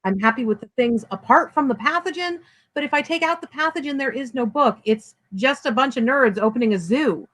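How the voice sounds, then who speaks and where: A woman's voice: high voice, a little fast, fairly bright tone, poor audio. A woman author being interviewed in a casual chat, talking bluntly and animatedly, with self-deprecating humor. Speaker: author guest.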